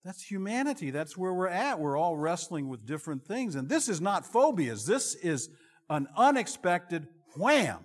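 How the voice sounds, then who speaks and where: A middle-aged male pastor preaching a sermon in an expressive, conversational and self-deprecating way. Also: sits high, moderate pace. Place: church sanctuary. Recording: long reverb of a large hall.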